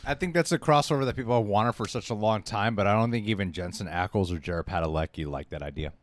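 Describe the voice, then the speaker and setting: A man co-hosting a casual live-stream chat about movies, opinionated and animated, laughing often. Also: fairly low pitch, fast, dry recording. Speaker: co-host of a movie talk stream.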